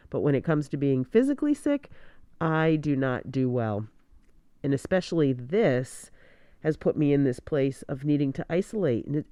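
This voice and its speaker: A woman's voice: low-pitched, warm tone, clean tone, no echo, clean studio sound. A woman podcast host, sick with a scratchy voice, talking frankly through a mask from her bedroom at night and laughing often. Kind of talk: candid casual monologue. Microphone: home studio mic at end of bed.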